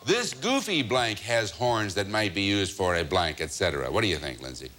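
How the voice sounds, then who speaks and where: A man hosting a TV game show, brisk and jokey, chuckling as he moves things along. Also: on the low side, sing-song, heavy background noise. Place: TV studio with live audience. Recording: old TV broadcast with audience and music.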